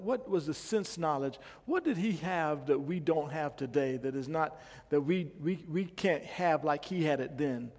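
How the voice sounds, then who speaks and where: A man's voice: on the high side, gravelly, darkish tone. A male pastor preaching a sermon, emphatic, repeating phrases and questioning the congregation. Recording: long hall reverb.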